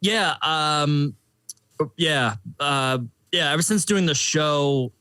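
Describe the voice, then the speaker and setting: A man's voice: on the high side, slow, sharp tone, smooth, no room sound. A young man, a guest on a podcast, chatting casually in a rambling, jokey way with many fillers. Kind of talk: casual chat.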